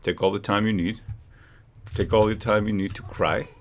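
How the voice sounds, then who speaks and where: A man's voice: lowish voice, fairly even intonation, normal speed. A man hosting a casual livestream, joking and teasing, humming and muttering to himself while he works at his computer. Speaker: livestream host.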